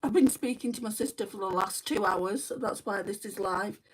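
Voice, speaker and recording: Woman, young adult, livestream host, chatty, answering comments, mid-pitched, sitting back from the mic. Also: normal speed, breathy edge. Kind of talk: casual live chat while doing makeup. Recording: voice a bit distant from the mic.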